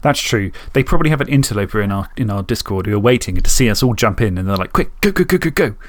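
A man co-hosting a tabletop game podcast, chatting casually, animated and thinking aloud, with some swearing. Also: lowish voice, fast talker, dry recording. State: hiccuping. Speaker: podcast co-host. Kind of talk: casual chat.

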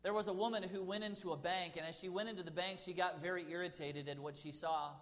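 A male pastor with a high voice preaches to a congregation, weaving stories into the sermon and leaning on dramatic pauses and swells of emphasis. His voice rings through a church hall with a long reverb trailing behind. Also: fairly even intonation, a bit bright.

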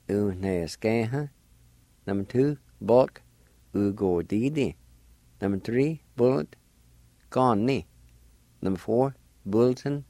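Slow deep-voiced man teaching spelling. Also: warm tone, no room sound. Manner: spells letter by letter, repeats each word. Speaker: radio language teacher. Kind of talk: slow spelling and pronunciation lesson.

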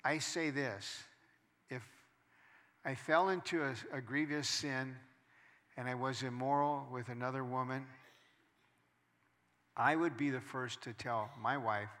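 A male pastor preaching a sermon, moving between quiet storytelling and loud, emphatic preaching. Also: medium pitch, steady tone, a little slow, pauses often, big-room sound.

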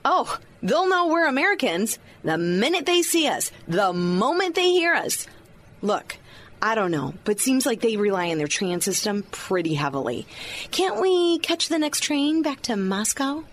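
An actress playing a fed-up American bride who owns a bookstore, sarcastic and exasperated, in a radio drama. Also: female voice, on the high side, very animated, measured pace, a little hiss or hum. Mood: pleading. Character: fed-up American bride, bookish, sharp-tongued.

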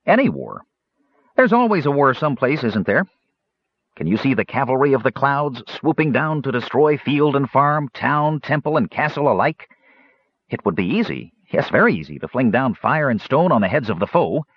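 A man's voice: medium pitch, sing-song, normal speed, husky, no echo, muffled recording, voice pushed up. A man doing a morose, ominous gnome. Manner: morose, foreboding. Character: gloomy male gnome inventor, ominous.

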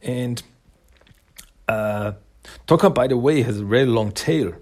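A man's voice: medium pitch, brisk, a little mellow. A man casually recapping a comic book's story, rambling with many fillers and acting out the characters' lines. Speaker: comic book reviewer.

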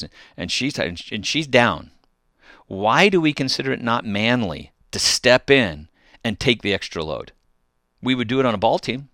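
Man, radio host, very low voice, smooth and resonant, dry studio sound, earnest and exhorting. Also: fairly bright tone, no echo. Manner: earnest, exhorting, frequent restarts. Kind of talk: call-in radio talk on faith.

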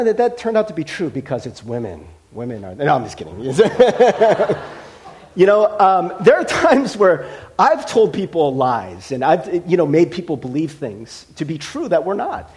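A man's voice: a little high, darkish tone. A middle-aged man from Ohio, a pastor giving a conversational sermon, joking and acting out quoted voices. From Cincinnati, Ohio.

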